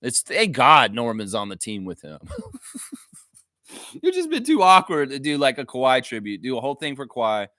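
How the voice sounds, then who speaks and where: A man's voice: mid-range voice, wildly swooping pitch, moderate pace, bright, forceful tone, no echo. Guy ranting on his live fan stream, chatty and opinionated, dry close mic. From United States and Canada. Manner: casual, opinionated, reads viewer chat aloud. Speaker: fan show host.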